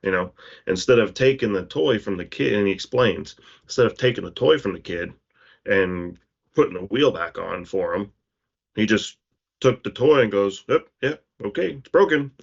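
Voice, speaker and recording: A man's voice: fairly low pitch, normal speed, gravelly, slightly rough. A man co-hosting a podcast, talking casually and often stopping to search for words. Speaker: podcast co-host. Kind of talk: casual conversation. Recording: muffled lo-fi call audio.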